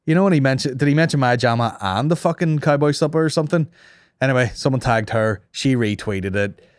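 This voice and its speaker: A man hosts a comedy podcast, telling stories through casual, profane banter and slipping into mock voices. His mid-range voice moves a little fast, with a clean tone and clean, echo-free studio sound.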